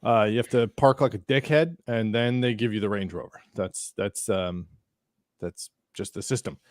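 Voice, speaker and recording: A man's voice: fairly low pitch, moderate pace, no room sound. Rambling storytelling man, dry close mic. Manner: rambling anecdote with acted-out quotes, frequent likes and restarts. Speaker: podcast host. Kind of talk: casual chat, storytelling.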